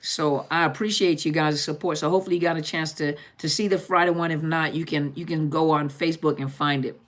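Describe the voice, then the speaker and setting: A woman's voice: low-pitched, fairly even intonation, fairly quick. Joking woman therapist hosting a live chat. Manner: joking, repetitive, laughs often. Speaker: therapist and channel host. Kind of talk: casual live-stream chat.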